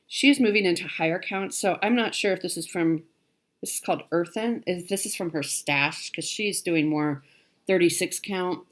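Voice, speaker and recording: A woman's voice: lowish voice, moderate pace, a bit bright. A woman vlogger chatting casually about cross-stitch supplies she received, gushing with frequent ums and little laughs. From Pacific Northwest, United States. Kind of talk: casual chat showing stitching haul.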